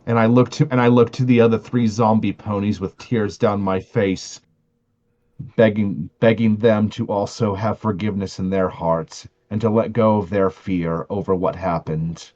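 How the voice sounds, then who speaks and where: A man playing his character in a tabletop game, speaking earnestly and haltingly, often restarting his sentences. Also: fairly low pitch, steady tone, darkish tone, muffled recording. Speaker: player.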